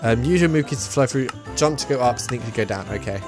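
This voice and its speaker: Excitable gamer, very lively pitch. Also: fast talker, music in the background. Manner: excitable, self-mocking, prone to outbursts. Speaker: gaming YouTuber. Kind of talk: let's play commentary.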